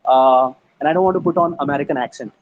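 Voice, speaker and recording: A man's voice: on the high side, fast, narrow, tinny audio. A man with an Indian English accent teaching an online English practice session over a video call, breaking words into syllables and slipping in Hindi. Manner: patient, drills words syllable by syllable; mixes in Hindi phrases. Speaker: English tutor.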